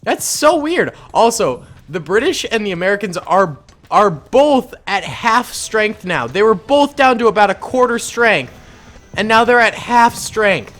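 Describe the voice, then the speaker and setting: Excitable young man commentating a game. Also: measured pace. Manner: excitable, exclaims and laughs, trails off low when musing. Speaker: gaming YouTuber. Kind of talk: casual gameplay commentary.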